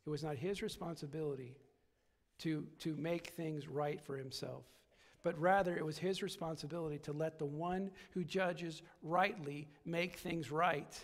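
A pastor delivers his sermon in a high voice, circling back on phrases and building to forceful peaks. The sound carries a long reverb from the church sanctuary. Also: steady tone, normal speed. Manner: preaching with repetition, rising to emphatic peaks.

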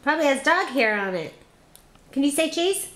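A woman's voice: high-pitched, big pitch swings, normal speed, fairly bright tone. A woman filming at home, coaxing a toddler in a sing-song baby-talk voice to say words. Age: adult. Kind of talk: home video, talking to a toddler. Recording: echoey home room.

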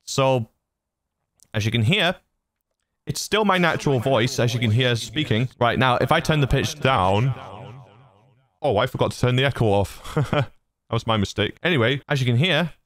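A man's voice: mid-range voice, expressive, moderate pace, pauses often, fairly bright tone. A man casually walking through voice effects on his audio mixer, chatty and laughing at his own silliness, on a studio broadcast mic. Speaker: host demonstrating audio gear. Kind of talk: casual tutorial walkthrough.

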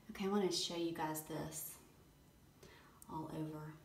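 A middle-aged woman, gushing over a bath product demo and shifting between hushed whispers and excited exclamations. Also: low voice, unhurried, vocal fry, a little hiss or hum. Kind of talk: casual demo commentary. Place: bathroom by a tub. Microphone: handheld camera held away. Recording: echoey bathroom, mic at a distance.

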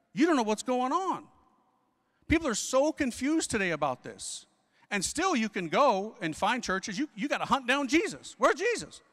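A Catholic priest in his forties preaches with animated, swooping pitch and a bright, forceful edge. He talks in slang and fires off rhetorical questions. His voice rings out in a hall with a long reverb. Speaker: Catholic priest giving a conference talk. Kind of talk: energetic preaching.

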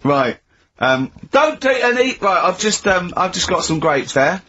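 On a radio show, an English-accented male co-host teases and goads amid plenty of laughter. His voice sits high with big swings in pitch, bright and forceful yet unhurried. The lo-fi broadcast sounds dull, with a little hiss or hum.

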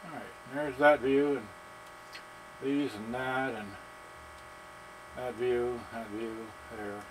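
A man casually demonstrating a serviced stereo, talking in halting bits as he thinks aloud and works the gear. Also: mid-range voice, steady tone, noisy background.

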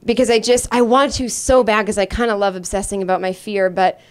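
A woman's voice: medium pitch, fairly even intonation, a little fast, clean tone. A woman performing a stand-up comedy set, telling a rambling, self-deprecating story full of fillers. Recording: live club recording with audience laughter. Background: audience laughter.

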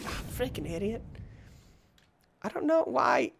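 A man hosting a gaming channel, giving excitable let's play commentary that swings into yelps and shouts when frustrated, often mocking himself. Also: a little high, moderate pace.

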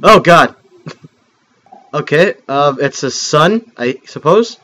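A man chats through a video game with excitable, joking energy that breaks into sudden loud outbursts. His voice sits a bit high for a man, and he takes his time between remarks. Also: extremely slow, long pauses, poor audio. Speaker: let's play host. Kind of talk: casual gameplay commentary.

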